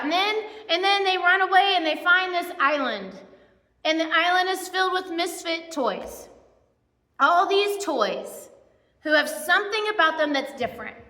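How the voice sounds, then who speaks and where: A woman's voice: very high voice, bright, forceful tone. A woman pastor giving a casual, conversational sermon, chatty and self-deprecating with many asides. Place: church. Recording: echoey church hall with long reverb.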